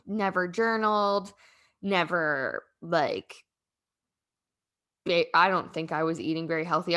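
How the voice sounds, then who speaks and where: A woman's voice: lowish voice, bright, forceful tone. Emotional young woman telling her story. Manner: rambling, heartfelt, frequent "like" fillers. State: emotional, near tears. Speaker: podcast host. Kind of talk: casual personal storytelling.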